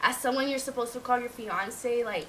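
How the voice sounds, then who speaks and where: A woman talks defensively about her side of things, with "like" in nearly every phrase. Her voice is bright and fairly high. A faint hum of room ambience sits behind her. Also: moderate pace. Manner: defensive, filler-heavy, says "like" constantly. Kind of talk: explaining herself on video.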